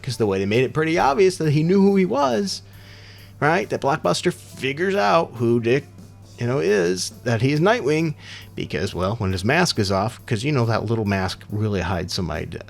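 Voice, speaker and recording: A middle-aged man talks through his weekly comic picks in a rambling, opinionated way, his gravelly voice rising and falling a lot. Faint music plays behind him. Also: mid-range voice. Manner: opinionated, rambling, self-deprecating asides. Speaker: comic book reviewer. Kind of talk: casual comic review monologue.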